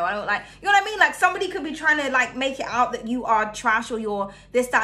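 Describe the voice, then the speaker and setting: Chatty bright-voiced woman. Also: on the high side. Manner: chatty, laughs often, swings between loud and hushed. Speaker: tarot reader. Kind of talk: casual tarot reading.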